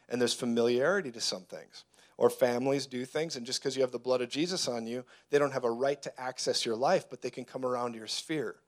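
A man preaching a sermon, telling personal stories and acting out the voices of the people in them. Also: mid-range voice. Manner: animated storyteller who acts out dialogue. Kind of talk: sermon teaching.

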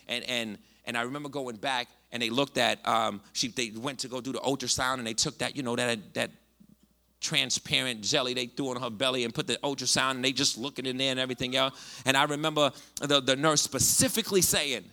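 A male pastor preaching a sermon, passionate and conversational, swinging from hushed asides to loud bursts. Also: fairly high pitch, expressive, fairly quick. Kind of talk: preaching a sermon with a personal story.

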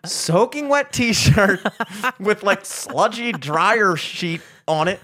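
A man's voice: high-pitched, takes it slowly. A young man, telling a rambling, profane story in casual podcast chat and acting out the people in it. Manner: rambling, profane, animated, acts out voices.

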